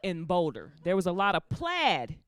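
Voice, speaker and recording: A woman's voice: lowish voice, normal speed, a crowd in the background. A woman performing a stand-up comedy set, telling stories and acting out the people in them. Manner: animated storytelling, acting out characters. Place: comedy club stage with laughing audience. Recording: live stage mic with audience laughter.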